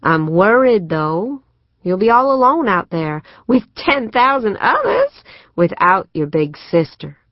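A woman's voice: mid-range voice, big pitch swings, measured pace, dry recording. A woman voicing a blunt, grumbling, protective older sister with a West Texas accent. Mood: gruff. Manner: blunt, grumbling, folksy cursing. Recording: dry, slightly muffled studio recording.

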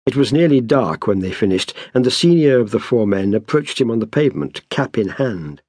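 A man narrating his own novel in a measured, even way, at a middling pitch. The recording is dry and close with no room sound. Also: slightly rough, no echo. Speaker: author and narrator. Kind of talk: scripted audiobook narration.

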